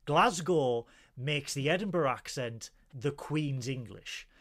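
A man co-hosting a show in casual chat, animated and talkative, reading out viewer comments. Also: mid-range voice, slow. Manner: chatty, animated, reads viewer comments aloud. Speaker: co-host.

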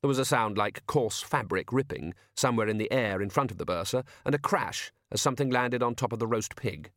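A man narrating a comic fantasy audiobook in a lively, expressive reading. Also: mid-range voice, a little fast, no room sound, clean studio sound. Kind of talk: scripted narration.

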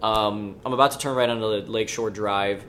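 A podcast co-host with a lowish voice tells a story in casual chat at a fairly quick clip, with a little hiss or hum. He's an animated storyteller who swears freely and acts out the voices in his tale.

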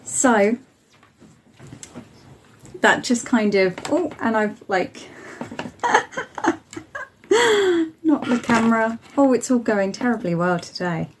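A woman's voice: a little high, measured pace, pauses often, background noise. An English woman from England hosts a podcast and leads a meditation live stream, greeting listeners effusively. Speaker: podcast host and meditation teacher. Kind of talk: chatty live-stream welcome.

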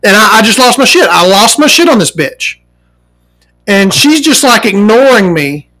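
A forty-year-old vlogger rants through a story, exasperated and swearing constantly. The pitch swings wildly, leaping high in outrage and dropping low for asides. The people in the story get mimicked along the way. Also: very animated, normal speed, pushed and bright, rough recording. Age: 40s. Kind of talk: profane ranting storytime.

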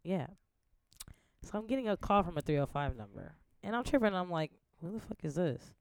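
A young woman from the Bay Area spins a story in a casual, slangy, profane way, with her voice sitting a little low. The sound is close and dry, with no room around it. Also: brisk, no echo. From San Francisco Bay Area. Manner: slangy, profane, animated retelling. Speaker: podcast host.

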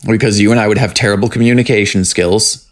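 A man co-hosting a casual podcast, recapping a TV show in a joking, animated way. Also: lowish voice, fast talker. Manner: animated, joking, acts out lines in put-on voices. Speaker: podcast co-host.

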